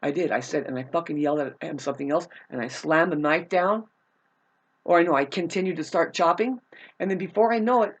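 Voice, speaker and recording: A woman's voice: lowish voice, lo-fi sound. A woman telling a personal grievance in a casual, rambling monologue, agitated and profane, with frequent restarts.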